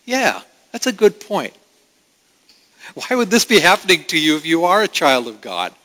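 A man's voice: on the high side, huge pitch swings, moderate pace, fairly bright tone, pitched above the performer's own voice. A man voicing a sly male devil who taunts and insinuates. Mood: taunting. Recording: long hall reverb.

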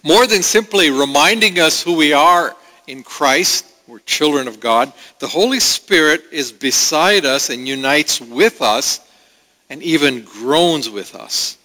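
A pastor preaching a sermon in an earnest, pausing way, with restarts. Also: male voice, on the high side, expressive, pushed and bright, big-room sound, poor audio.

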